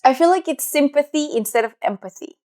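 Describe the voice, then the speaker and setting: A woman's voice: high voice, expressive, a little fast, a little mellow. A young woman co-hosting a podcast, talking in a rambling, hesitant way with lots of fillers. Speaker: podcast co-host. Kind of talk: casual chat.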